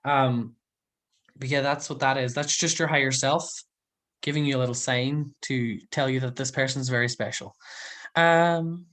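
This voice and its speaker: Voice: mid-range voice, steady tone, normal speed, fairly bright tone. A livestream host chatting casually and rambling through viewer comments, with frequent ums and giggles. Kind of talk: casual live chat reading viewer comments.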